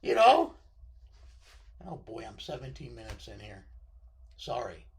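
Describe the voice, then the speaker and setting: A man's voice: on the high side, creaky, fairly bright tone. A middle-aged man with a scratchy voice, vlogging from home in a rambling, digressive monologue that keeps stammering and interrupting itself.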